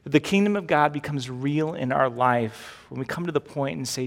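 A man's voice: medium pitch, normal speed, vocal fry, few pauses. A man preaching a sermon as pastor, talking conversationally and asking the congregation direct questions. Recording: long hall reverb.

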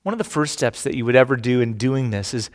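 A middle-aged man preaching a sermon, animated and emphatic, acting out the quotes he tells. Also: medium pitch, fast, long reverb tail. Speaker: pastor.

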